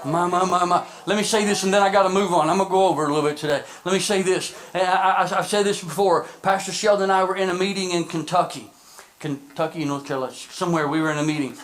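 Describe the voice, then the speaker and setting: A male pastor preaching a sermon in a church service, shouting passionately with repeated phrases, then slipping into quick, joking stories. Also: high voice, low-quality recording. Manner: drops into quick, joking storytelling.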